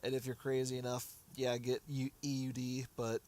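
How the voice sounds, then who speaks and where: A man's voice: medium pitch, monotone, normal speed, a little mellow. A man streaming a game, talking casually and rambling with frequent restarts while answering chat, his voice a bit worn. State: losing his voice. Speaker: gaming streamer. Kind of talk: casual livestream commentary.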